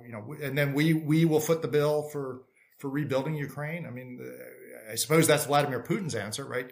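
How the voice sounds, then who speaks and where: A man speaking as a policy expert guest in a panel discussion, reasoning aloud in a measured way. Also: medium pitch.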